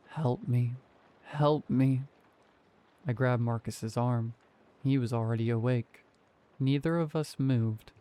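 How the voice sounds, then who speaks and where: A man reading a horror story aloud as scripted narration, in a calm, measured way. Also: medium pitch, clear, resonant tone.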